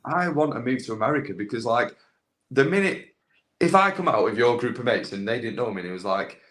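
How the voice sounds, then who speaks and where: In a brisk, expressive mid-range voice with a fairly bright tone, a young landscaping business owner chats as a podcast guest. He has a social media following and rambles casually, peppering his talk with fillers and restarts.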